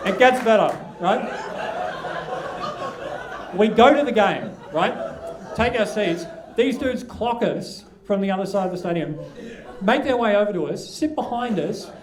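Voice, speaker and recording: A man's voice: high voice, lively intonation, measured pace, pauses often. An Australian man doing a stand-up comedy set, crude and rambling as he tells self-mocking stories on a club stage. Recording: echoey club with crowd laughter. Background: audience laughing.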